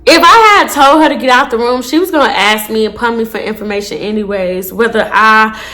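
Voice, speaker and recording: Profane, animated young woman telling a story. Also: on the high side, a little fast. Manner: animated, profane, talks straight to viewers. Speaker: storytime vlogger. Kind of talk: casual storytime.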